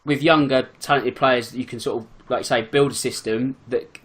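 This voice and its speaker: A man chatting casually on a football podcast as a fan and season ticket holder, in a quick, chatty way full of fillers. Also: mid-range voice, fairly even intonation, breathy edge. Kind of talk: casual chat.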